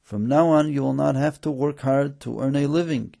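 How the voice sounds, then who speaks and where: A man voicing excited young male students in a story, exclaiming in a higher voice. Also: normal speed, gravelly, close to an everyday voice.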